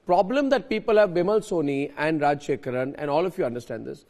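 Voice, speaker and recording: A man moderating a heated televised news debate, forcefully interrupting and repeating panelists' names. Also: on the high side, expressive, fairly quick.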